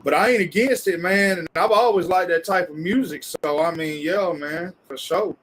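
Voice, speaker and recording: A man's voice: high voice, moderate pace, fairly bright tone, poor audio. A man with a Georgia accent chatting casually on a live show, laid-back and drawling, with profane slang. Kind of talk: casual chat.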